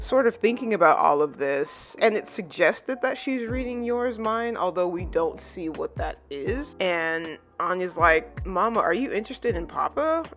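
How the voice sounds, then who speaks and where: A chatty manga reviewer recaps a chapter casually at a mid pitch, leaning on fillers and bumping the voice up to quote characters. Soft background music plays faintly underneath.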